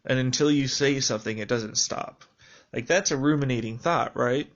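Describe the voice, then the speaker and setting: A man talking through a reflective personal video journal in a rambling, halting way with many fillers. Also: mid-range voice, dull audio.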